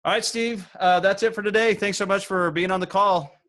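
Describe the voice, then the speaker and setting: Give me a man hosting a relaxed interview who turns upbeat and salesy when pitching. He keeps it casual and friendly in tone. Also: fairly quick. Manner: upbeat and promotional. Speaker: host.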